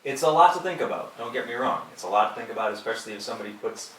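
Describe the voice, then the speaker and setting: A man's voice: mid-range voice, expressive, rapid-fire, a bit bright. A man casually teaching church readers, tagging his points with "right?". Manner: conversational, often ends points with "right?". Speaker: workshop instructor for church readers. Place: church hall. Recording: echoey room, mic from a distance.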